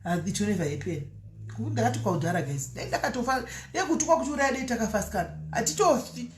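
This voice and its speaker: A woman's voice: a little high, animated, very fast, echoey room, slight background noise. A woman hosting a casual live stream, reading out viewer comments and chatting freely between Shona and English with frequent laughs.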